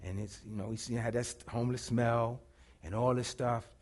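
A middle-aged man preaching a sermon, telling a story dramatically and swinging from hushed to shouting. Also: medium pitch, steady tone, moderate pace.

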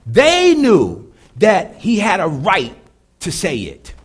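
A man with a deep voice preaching a sermon to a live congregation, moving between loud and hushed delivery. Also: huge pitch swings, slow pace, husky. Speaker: pastor.

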